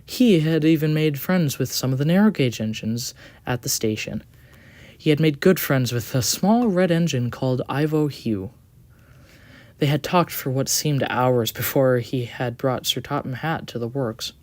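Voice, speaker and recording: A storyteller reading an audio story aloud, expressive with the odd small slip. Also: medium pitch, moderate pace, no echo.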